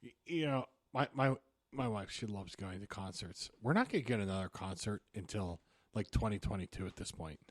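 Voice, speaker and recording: A man's voice: fairly low pitch, brisk, dry recording, clean studio sound. A married man co-hosting a podcast, talking easygoingly with stammered restarts. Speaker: podcast co-host. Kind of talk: casual chat.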